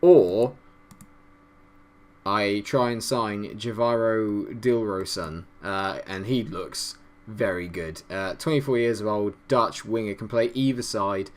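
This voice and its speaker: A young man commentating on his own management game, excitable and quick to swear in frustration. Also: lowish voice. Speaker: gaming YouTuber. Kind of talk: let's-play commentary.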